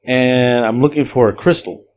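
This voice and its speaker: A man hosting a podcast, casually telling a long, profane story in a rambling, animated way. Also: medium pitch, moderate pace. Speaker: podcast host.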